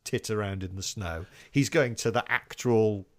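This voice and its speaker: A man's voice: lowish voice, normal speed. A man co-hosting a music podcast in casual chat, earnest and reflective, reading out quotes. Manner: earnest, reads out quotes, chuckles now and then. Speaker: podcast co-host.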